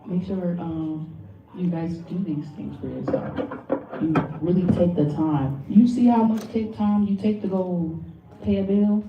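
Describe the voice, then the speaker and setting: A woman giving a blunt, animated workshop talk to a live audience, swearing freely and speaking straight to the crowd. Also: on the low side, unhurried, very noisy. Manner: blunt, profane and animated, addresses the audience directly. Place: lecture room with an audience. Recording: phone-like audio from far in an echoey room.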